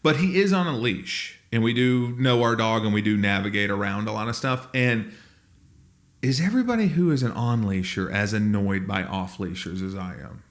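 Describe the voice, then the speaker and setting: A man co-hosting a podcast in casual chat, telling stories animatedly and mimicking people in high squeaky voices. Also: lively intonation, normal speed. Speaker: podcast co-host.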